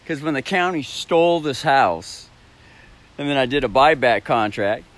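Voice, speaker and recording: A man's voice: mid-range voice, expressive, normal speed, fairly bright tone. A man telling a rambling story at his home, laughing often between phrases and swearing freely. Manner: rambling with frequent restarts. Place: at his own home, by a backyard shed.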